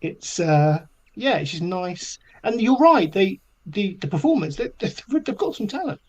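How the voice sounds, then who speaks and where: Male host, casual and chatty, lively ups and downs in pitch. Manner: chatty and encouraging, quick reactions. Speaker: podcast host. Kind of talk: casual chat.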